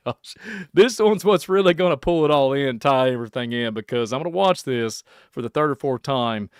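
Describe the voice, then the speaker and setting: A man's voice: mid-range voice, clear, resonant tone, no echo. Man, podcast host, rambling, folksy, chuckling, dry close-mic sound. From Kentucky. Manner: rambling, laughs often, folksy. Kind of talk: reaction podcast, casual chat.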